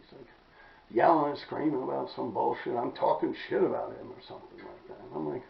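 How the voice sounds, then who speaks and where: New guy rambling on his podcast, super gravelly, swears a lot, keeps clearing his throat, echoey room. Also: mid-range voice, fairly quick, slight background noise. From New York City. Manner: blunt, profane, rambling, clears throat often. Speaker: podcast host telling graffiti stories. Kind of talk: casual storytelling monologue. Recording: roomy, dull-sounding recording.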